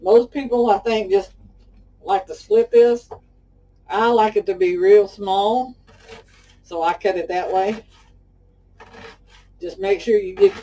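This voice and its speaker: A woman's voice: mid-range voice, fairly even intonation, slow, pauses often, dark tone, recorded from a distance, slight background noise, low-quality recording. A middle-aged woman from Texas with a Southern accent, chatting folksily to viewers as she demonstrates a recipe. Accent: Texan Southern. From Pasadena, Texas. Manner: folksy and talkative, addresses viewers as y'all. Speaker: cooking show host. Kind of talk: casual cooking demonstration with chatty stories.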